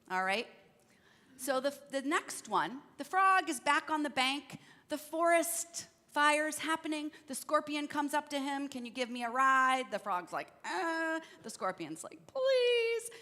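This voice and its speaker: A woman leading a church service, telling a fable gently and asking her listeners questions. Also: high-pitched. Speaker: worship leader. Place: church sanctuary. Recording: church hall reverb.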